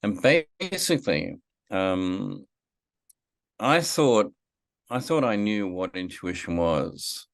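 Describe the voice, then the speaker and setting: A man's voice: low voice, animated, takes it slowly, creaky, long pauses, no room sound. A middle-aged man, a filmmaker guest in a podcast interview, telling a story reflectively with many fillers and restarts. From Australia.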